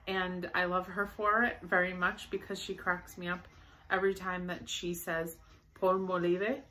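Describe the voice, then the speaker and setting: A woman's voice: lowish voice, bright, forceful tone, slight background noise. A young woman chatting casually through a shopping haul, bubbly and rambling with enthusiasm. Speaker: vlogger showing a shopping haul.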